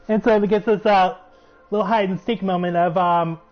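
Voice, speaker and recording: A man giving a chatty, excitable recap of a show episode. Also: sits high, fast talker. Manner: chatty, excitable, laughs while retelling. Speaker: show reviewer. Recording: muffled recording with faint music.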